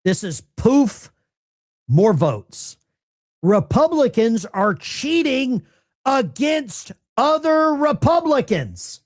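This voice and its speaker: A man hosts a political commentary stream, talking to his viewers as if they were in the room. His delivery is slow and drawn out. His pitch leaps and drops as he reacts with disbelief. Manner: animated, incredulous, talks to the chat.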